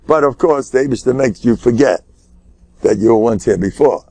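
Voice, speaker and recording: An older man, a rabbi, giving a Torah lecture as an animated storyteller, sprinkling in Yiddish words and shouting his punchlines. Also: mid-range voice, moderate pace, no room sound. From United States.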